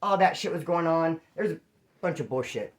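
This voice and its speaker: This man's voice is on the high side and expressive, moving at a moderate pace. A former inmate, he tells casual, slangy, profane stories and voices other people's lines along the way.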